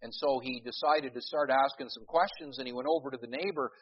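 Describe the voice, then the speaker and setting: A middle-aged pastor preaching a sermon in a folksy, storytelling way, with many restarts and emphatic peaks. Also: male voice, medium pitch, fairly quick, a little hiss or hum. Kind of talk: sermon with a humorous opening story. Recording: dull lo-fi recording.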